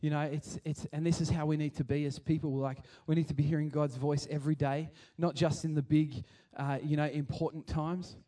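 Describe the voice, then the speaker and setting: A man giving a chatty, animated sermon and acting out the scenes he tells. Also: on the high side, a little fast, few pauses, far from the mic. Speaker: preacher. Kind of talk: casual sermon.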